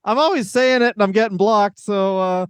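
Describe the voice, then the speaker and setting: A man co-hosting a casual comedy podcast, riffing crudely and quickly with his partner. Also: sits high, clear, resonant tone, no echo. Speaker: podcast co-host.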